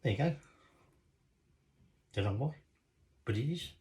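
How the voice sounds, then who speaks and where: Warm and animated, this middle-aged man's mid-range voice moves at a measured pace over a rough, reverberant recording. He's a cooking show host rambling casually and swearing mildly as he cooks in his home kitchen for his vlog.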